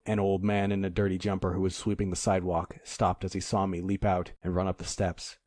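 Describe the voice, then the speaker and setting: Male audiobook narrator, very low voice, dry close recording. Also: flat delivery, darkish tone, no echo. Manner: measured, dramatic storytelling. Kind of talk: scripted first-person narration.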